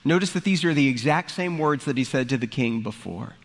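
A man's voice: mid-range voice, lively intonation, a little fast, hardly any pauses. Conversational male pastor, hall echo. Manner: conversational, explaining with asides. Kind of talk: sermon. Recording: reverberant hall.

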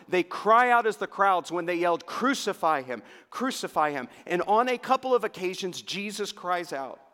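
A man preaching a sermon, his delivery swelling to fervent emphasis and then dropping to hushed, near-whispered lines. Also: high voice. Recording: long reverb of a large hall.

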